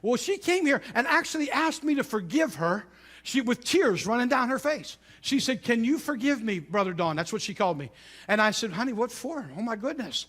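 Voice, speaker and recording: A middle-aged man, a pastor, preaching a sermon by telling stories, with loud exclamations that drop to hushed intensity. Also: very high voice, big pitch swings, moderate pace.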